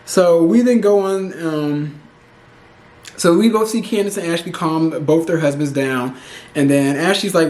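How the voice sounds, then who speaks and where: A man's voice: fairly high pitch, unhurried, darkish tone, echoey room. A man giving a casual, opinionated recap of a reality TV episode, chatty and full of "like" fillers. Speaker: show recap host.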